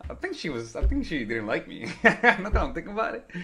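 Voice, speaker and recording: Lively rambling man giving dating advice. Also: a little high, fairly quick, vocal fry, a crowd in the background. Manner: rambling, joking, acts out quotes with profanity. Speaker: dating coach. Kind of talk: casual talking-head advice video.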